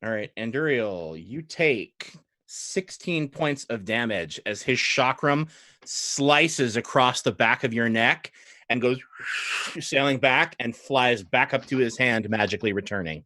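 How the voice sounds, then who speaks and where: A man's voice: mid-range voice, measured pace, dry recording, clean studio sound. A man running a tabletop game as dungeon master, narrating actions and laughing along with players. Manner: relaxed, guiding, laughs often.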